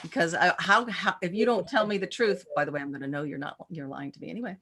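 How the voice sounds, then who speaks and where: A woman practitioner and teacher in a casual interview, telling animated stories and acting out quoted voices with many restarts. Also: fairly low pitch, fast talker, slight background noise.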